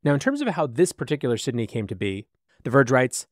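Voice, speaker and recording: A man hosting an AI news podcast, telling the story in a brisk, animated way. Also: medium pitch, no room sound, clean studio sound. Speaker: podcast host. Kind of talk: AI news commentary.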